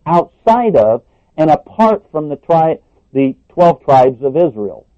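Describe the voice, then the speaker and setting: A man's voice: mid-range voice, big pitch swings, normal speed, dark tone, no room sound. A man preaching a sermon with emphatic delivery, repeating words and rising on questions. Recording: muffled dry lo-fi recording.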